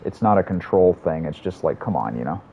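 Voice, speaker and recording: A man's voice: sits low, lively intonation, brisk, creaky, warm tone. A man streaming a game, chatting casually and telling stories in a rambling, profane way. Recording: slightly muffled audio, faint room hum.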